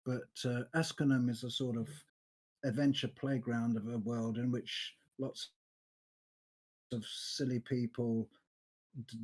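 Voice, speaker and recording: A man on a book podcast explaining background lore, pausing and restarting as he goes. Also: mid-range voice, little pitch movement, a little mellow. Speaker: podcast panelist. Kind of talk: casual book discussion.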